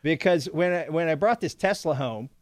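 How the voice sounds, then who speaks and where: A congressman appearing as a guest chats casually and tells stories, laughing often. His voice is a little high and expressive, at a moderate pace, recorded in studio quality with no room sound.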